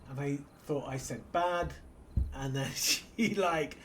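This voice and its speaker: A man's voice: medium pitch, fairly even intonation, a little slow, a little hiss or hum. Rambling British man playing a game. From Britain. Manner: rambling, muttering to himself between anecdotes. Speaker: gaming channel host. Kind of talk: casual let's-play commentary.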